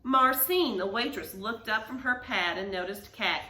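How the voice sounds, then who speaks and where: A woman reading a picture book aloud to children, animated and asking them questions. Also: medium pitch, normal speed, echoey room. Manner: animated, asks the listeners questions. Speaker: reader to children.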